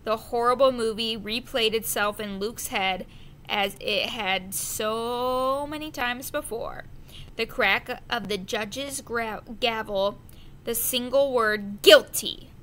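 Bright-voiced woman reading a story slowly. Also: on the high side, a little hiss or hum. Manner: slow, careful reading with small slips. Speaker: audiobook reader. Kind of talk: storybook narration.

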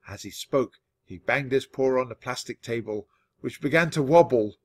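A man reading a children's book aloud for English learners, with expressive, animated storytelling. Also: mid-range voice, normal speed, breathy edge. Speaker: storybook reader.

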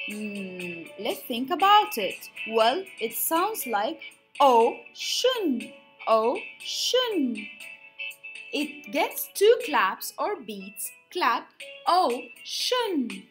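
A woman teacher slowly counting syllables for young pupils, with clear emphatic clapping and counting. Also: sits high, soft background music. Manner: slow, clapping out syllables, lively sing-song.

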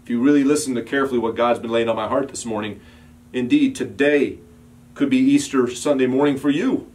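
In a medium-pitched voice, a pastor preaches a sermon that builds through repeated, emphatic calls. Now and then he softens into a quiet storytelling tone.

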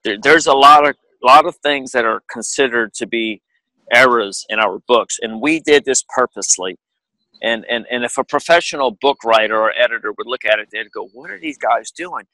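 A man's voice: medium pitch, normal speed, bright, forceful tone, dry recording, rough recording. A man co-hosting a radio talk show, speaking earnestly and emphatically. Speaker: radio co-host.

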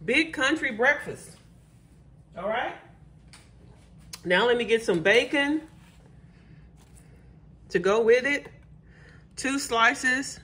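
A woman's voice: fairly high pitch, a bit bright. A woman hosting her cooking channel, humming and exclaiming as she tastes her food and talks to viewers. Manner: exuberant, exclaiming and humming while tasting food. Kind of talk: casual cooking vlog, tasting and chatting to viewers.

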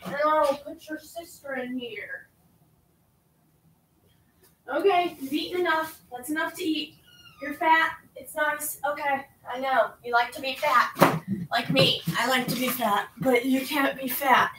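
A woman's voice: sits high, a little slow, background noise. A teenage girl vlogging at home while bathing her kittens, rambling and self-mocking, chatting to the cats. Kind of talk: casual vlog chat.

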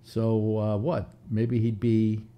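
A man's voice: fairly low pitch, flat delivery, slow pace, muffled recording. Musing older man hosting a talk show. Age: 70s. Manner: musing, philosophical, lots of restarts. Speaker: host. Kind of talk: casual rambling talk show chat.

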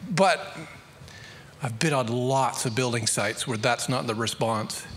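Australian pastor with a bright, ringing voice. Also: male voice, mid-range voice, big-room sound, slight background noise. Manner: conversational, storytelling, quickening to emphatic peaks. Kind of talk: sermon.

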